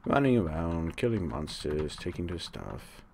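Let's play host, male, deep and slow-spoken, dry sarcasm, rambles while he plays, faint hiss behind. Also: big pitch swings, creaky, darkish tone. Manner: sarcastic, talks to the monsters; rambling, thinks aloud. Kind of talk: live gameplay commentary.

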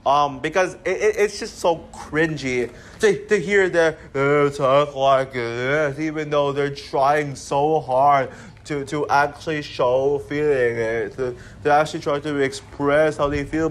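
A man giving an exasperated, rambling movie rant, swearing often. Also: on the high side. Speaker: movie reviewer. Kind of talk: casual rant.

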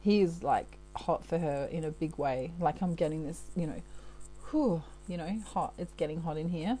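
A woman giving a channelled tarot reading in a soft, warm voice that sits a little low. She talks in a loose, chatty way, often checking in with her listener. She laughs at herself easily. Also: normal speed, slight background noise, low-quality recording. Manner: chatty, keeps checking in with "okay?". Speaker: tarot reader.

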